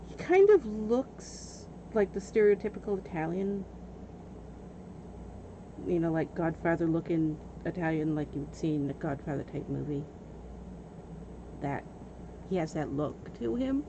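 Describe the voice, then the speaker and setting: A woman vlogger telling a story in a casual, animated way. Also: low-pitched, measured pace, pauses often, background noise.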